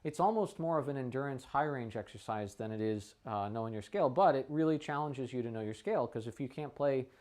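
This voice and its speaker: A man in a practice room, explaining a trumpet warm-up in a relaxed, unscripted way, with his voice sitting in an ordinary middle pitch. He thinks aloud as he goes, with fillers and an occasional cleared throat. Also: fairly quick, few pauses. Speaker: trumpet teacher. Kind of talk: casual instructional talk.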